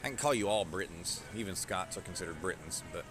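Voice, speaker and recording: A man's voice: deep voice, animated, fast. A man live-streaming while he shops, talking casually and rambling with plenty of swearing. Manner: rambling, profane, jokey. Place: shop aisles indoors. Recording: noisy shop background.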